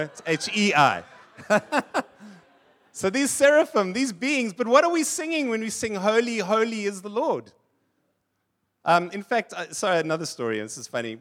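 A man with a notably high-pitched voice delivers a sermon to his congregation. He preaches in an easy, conversational way, breaking off into humorous stories and chuckling along with them. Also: a bit bright. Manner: conversational preaching, tells funny anecdotes and laughs. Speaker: pastor.

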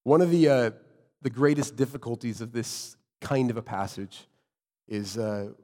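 A man's voice: mid-range voice, fairly even intonation, moderate pace, dark tone, in a large hall. A man preaching a sermon as pastor, reading scripture aloud and praying in an earnest, emphatic way.

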